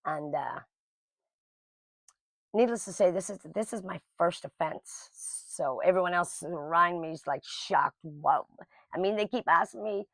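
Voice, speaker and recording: A woman's voice: fairly low pitch, a little slow, no room sound. A middle-aged woman telling a personal story to camera in a casual, blunt and emotional way. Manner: emotional, blunt, lively quoting of others.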